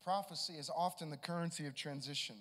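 A man preaching a sermon, moving from easy conversational talk to shouted exhortation. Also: fairly high pitch, fast. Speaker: pastor. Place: church sanctuary. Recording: long hall reverb with music. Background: live guitar and keys.

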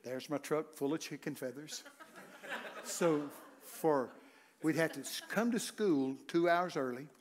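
An older man preaching a humorous sermon, telling folksy stories and breaking into loud shouts. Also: on the high side, a little slow, crowd noise. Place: church sanctuary.

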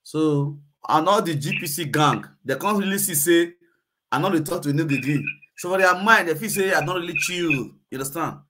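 A man's voice: on the high side, lively intonation, brisk, pushed and bright, slight background noise. A man with a Nigerian Pidgin accent hosting a live video chat, ranting emphatically and repeating himself. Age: adult.

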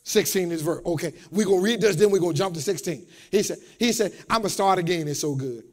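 A man preaching a sermon to a congregation in a call-and-response style, repeating phrases and building up to shouts. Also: high-pitched, fast. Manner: repeats words, talks straight to the congregation. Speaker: pastor. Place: church.

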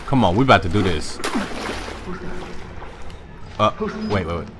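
Young guy yelling and cussing thru a horror game, slow drawl, low voice that jumps way up. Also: animated, noisy background. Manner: swearing, jumpy, talks to the game character; breaks into high yells when scared. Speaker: gamer. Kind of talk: horror game let's play commentary.

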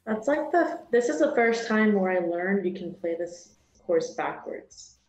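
A woman's voice: on the low side, animated, darkish tone, echoey room, faint music behind, poor audio. A woman, a pro golfer, chatting casually and reacting to shots during an online match. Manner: upbeat, competitive, quick reactions. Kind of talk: casual chat during a game.

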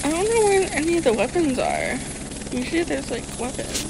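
A woman's voice: high voice, huge pitch swings, brisk, vocal fry, background noise. A woman hosting a gaming channel, chatting casually and giggling as she talks to the characters in her game. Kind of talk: casual gameplay commentary.

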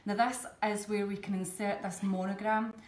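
A woman's voice: mid-range voice, flat delivery, normal speed. A woman with a Scottish accent, chatting her way step by step through a live cake-decorating demonstration. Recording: echoey room, faint background ambience.

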